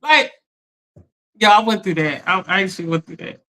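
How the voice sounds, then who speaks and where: Animated woman coach chatting with viewers. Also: medium pitch, moderate pace, poor audio. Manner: animated, laughs often, talks straight to viewers as y'all. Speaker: life coach. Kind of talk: casual live-stream chat reading comments.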